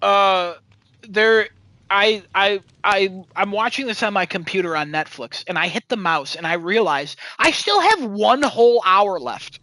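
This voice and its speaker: A high-voiced man rambles through a sarcastic movie recap, full of "um"s and casual swearing. His voice is bright and sharp, and the sound is dry and close to the mic. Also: expressive, unhurried, no echo, poor audio. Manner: rambling, sarcastic, swears freely, many fillers. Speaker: podcast host.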